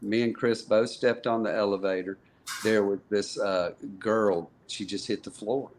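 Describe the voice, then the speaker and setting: A man's voice: lowish voice, steady tone, unhurried, slight background noise. A man guest on a podcast, telling stories casually, rambling with lots of restarts and fillers. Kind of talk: casual storytelling in conversation.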